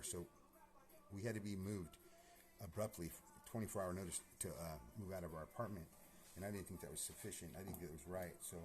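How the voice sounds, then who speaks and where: A man's voice: low-pitched, a little mellow. A man telling a long, agitated personal story in a rambling monologue, full of swearing, repeated words and fillers. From California. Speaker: vlogger.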